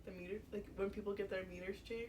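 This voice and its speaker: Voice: medium pitch, rapid-fire, recorded from a distance, a little hiss or hum. A podcast cohost chatting casually, who teases and laughs often. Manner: laughs often, teasing, lively. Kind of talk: casual chat.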